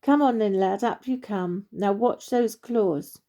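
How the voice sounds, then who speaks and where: A woman voicing a patient but grumbling male badger in a storybook reading, gruff and long-suffering in manner. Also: medium pitch, slow, warm tone, lightly acted.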